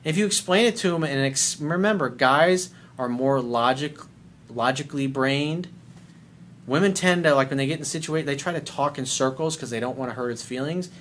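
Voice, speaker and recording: A man's voice: mid-range voice, a little fast, a bit bright, slight background noise. A man hosting a dating advice video, talking bluntly and sarcastically, with casual swearing. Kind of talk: casual advice monologue reading viewer letter.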